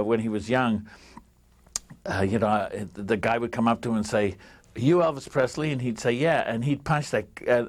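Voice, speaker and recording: An older man, answering interview questions with animated stories, laughing and acting out the voices of people he quotes. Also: medium pitch. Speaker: interviewee, writer on a TV special. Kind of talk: anecdotal interview storytelling.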